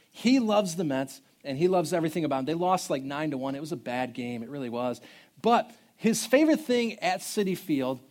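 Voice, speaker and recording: A man in his thirties preaching a sermon as pastor, telling stories in a conversational, humorous way. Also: high-pitched. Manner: storytelling, conversational and animated with humor.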